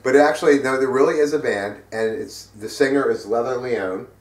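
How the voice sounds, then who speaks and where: A man's voice: mid-range voice, brisk. Rambling middle-aged man in a roomy space. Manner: rambling, profane, many fillers. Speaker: co-host. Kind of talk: casual metal news chat. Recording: roomy sound from a distant mic.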